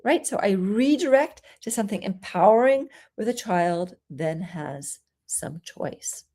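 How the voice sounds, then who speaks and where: A woman parenting coach giving a solo talk, explaining calmly and acting out soothing things a parent might say. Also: mid-range voice, unhurried. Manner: gentle, explanatory, acts out soothing parent lines.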